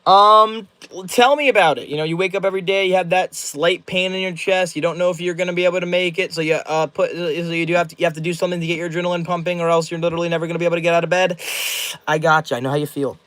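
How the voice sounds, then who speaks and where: A man's voice: sits high, fairly even intonation, rapid-fire, pushed and bright, no room sound, poor audio. A young man hosting a casual livestream, reading viewer comments aloud and answering them in loose, slangy rambles. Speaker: livestream host.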